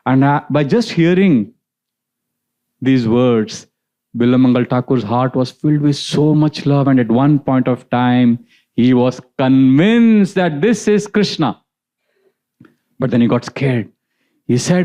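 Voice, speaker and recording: A man giving a devotional lecture as a spiritual teacher, storytelling in an animated way and acting out the quotes. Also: mid-range voice, slow pace, pauses often.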